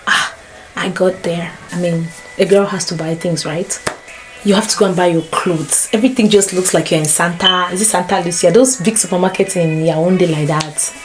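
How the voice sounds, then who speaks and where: A young woman with a Cameroonian accent, telling stories to camera in a casual sit-down vlog, lively and full of exclamations. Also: lowish voice, normal speed, music in the background. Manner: animated, exclamations and playful asides. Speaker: vlogger. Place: sit-down room at home. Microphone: camera mic.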